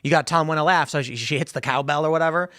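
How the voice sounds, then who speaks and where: Quick bright-voiced young-sounding man. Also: a little high, no echo, clean studio sound. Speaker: show regular. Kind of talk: casual panel chat.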